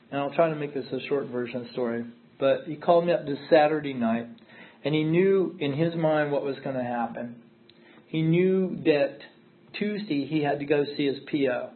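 A man giving an earnest personal testimony at a recovery meeting, repeating himself for emphasis. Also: a little high. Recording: tinny phone-like audio.

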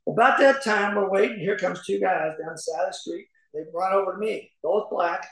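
A man's voice: high-pitched, moderate pace, vocal fry, a bit bright. An older man tells a personal story to an audience in a folksy, chatty way, laughing and dropping fillers as he goes. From Kentucky, USA. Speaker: recovery meeting speaker. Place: large meeting hall. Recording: echoey hall recording.

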